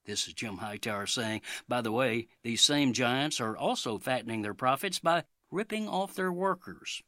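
Man doing a folksy snarky radio commentary, dry close sound, mid pitch. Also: lively intonation, moderate pace, hardly any pauses, a bit bright, no echo. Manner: folksy, sarcastic editorializing.

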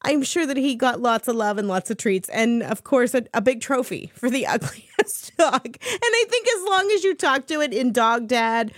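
A woman's voice: a little high, lively intonation, moderate pace, few pauses, no room sound, clean studio sound. A woman DJ on a country station, chatting casually and amused between songs. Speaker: radio DJ. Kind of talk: casual radio chat.

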